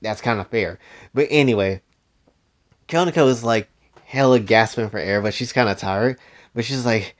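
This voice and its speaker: A man's voice: medium pitch, moderate pace. A man casually narrating a fan story in a slangy, rambling, playful way.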